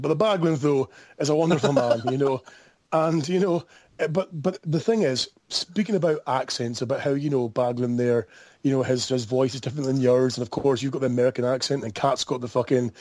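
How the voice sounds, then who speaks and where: A man's voice: medium pitch, darkish tone, no room sound. A man with a Scottish accent calling into a podcast from a mobile phone, teasing, mock-outraged and laughing often. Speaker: caller. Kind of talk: comedic call-in banter.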